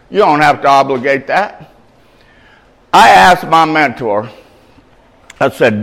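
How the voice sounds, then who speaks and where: A man giving an informal sermon as a faith-based mentor, mixing street slang with scripture read out slowly and loudly. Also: fairly high pitch, low-quality recording. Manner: animated, conversational preaching with street slang.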